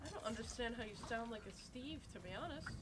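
A woman with a fairly high, very animated voice chats with teammates during an online match. Her tone swings up and down a lot as she reacts, and she laughs and swears casually. Loud game sounds play constantly behind her. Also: quick pace, very noisy. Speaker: streamer's teammate. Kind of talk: casual gaming chat.

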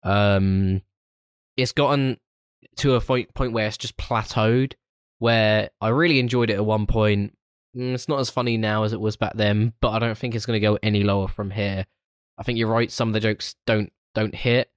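Sweary lad, low dry voice. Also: male voice, normal speed, clean tone, no room sound. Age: 20s. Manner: swears freely, laughs often, animated retelling. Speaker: podcast co-host. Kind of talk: casual film review chat.

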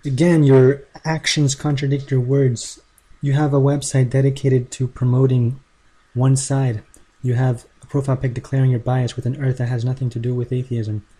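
A man's voice: mid-range voice, little pitch movement, normal speed, dark tone, breathy edge. A man making a rebuttal video, arguing in a combative and mocking manner. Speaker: video creator responding to a critic.

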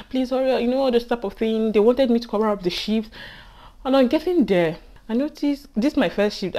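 A young woman with a Nigerian accent and a medium-pitched voice, a healthcare assistant vlogger, tells a personal work story to camera. Casual and animated, she laughs often and acts out what others said.

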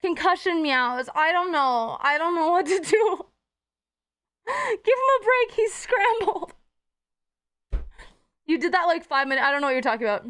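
A woman's voice: high voice, animated, moderate pace, a bit bright. A woman streamer chatting casually with her live audience, bubbly and giggly and swearing freely.

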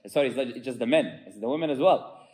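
A man's voice: medium pitch, quick pace, darkish tone. A man giving an impassioned mosque lecture as a preacher, fervent and peppered with Arabic phrases.

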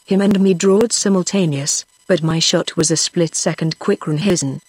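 Husky British synthetic woman narrator. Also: fairly low pitch, moderate pace, dry recording. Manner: even, steady machine-read delivery. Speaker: audiobook narrator. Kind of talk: synthetic audiobook reading.

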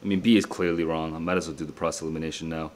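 A man's voice: rumbling low, level tone, very fast, darkish tone, slight background noise. A tired young man thinking aloud as he solves test questions, muttering and double-checking himself, with casual asides to viewers from his room. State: tired and distracted. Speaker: SAT tutor.

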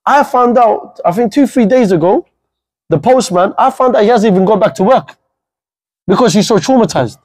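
Young guy preaching hard to the youth, blunt and fiery, slangy, voice sits pretty high. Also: expressive, moderate pace, a little mellow, rough recording. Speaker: guest speaker. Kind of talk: impassioned religious youth talk.

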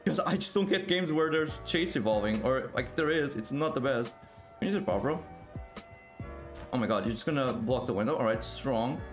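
A man giving excited live gameplay commentary, exclaiming often and repeating words in quick bursts. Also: mid-range voice, faint music behind. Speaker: gaming video creator.

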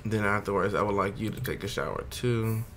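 A man's voice: lowish voice, a little fast, a bit bright, a little hiss or hum. A man hosting a casual let's play, rambling, swearing and talking to his characters, sleepy and yawning. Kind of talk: casual gameplay commentary.

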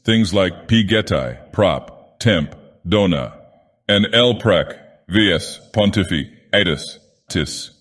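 A man narrating an audiobook in character as an ancient, menacing male god-king villain from a fantasy game, speaking slowly and gravely. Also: deep voice, expressive, fairly bright tone, heavily acted. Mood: ominous. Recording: long echoing reverb.

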